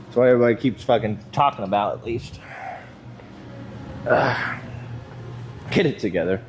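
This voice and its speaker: A man's voice: mid-range voice, moderate pace, a little hiss or hum. A young man chatting casually while working out in a gym, rambling and swearing freely with a self-mocking edge. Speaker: vlogger.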